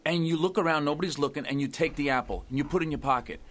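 A man talking as a guest in a radio studio, telling stories and acting out quotes with sudden shouts. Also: on the high side, racing. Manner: animated, acts out quotes with shouts. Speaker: guest singer-songwriter. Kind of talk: casual chat, storytelling.

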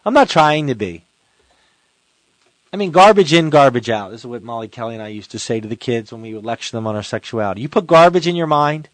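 A man giving a sermon as a Catholic preacher, earnest and exhorting, slowing down to stress points. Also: mid-range voice, animated, no echo. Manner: earnest, exhorting, slows for emphasis.

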